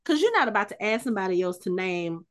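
A fast-talking woman with a mid-range voice retells a TV episode on her podcast, animated and acting out what the characters say. The recording is dry and clean, studio quality.

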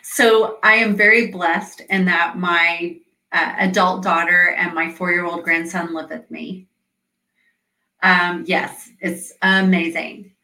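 A woman's voice: lowish voice, steady tone, slow pace, pushed and bright, far from the mic. A middle-aged woman coach telling stories in an interview in an earnest way, with many fillers, speaking over a call. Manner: earnest, storytelling, frequent fillers. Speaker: guest, coach. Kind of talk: conversational interview. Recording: roomy echo.

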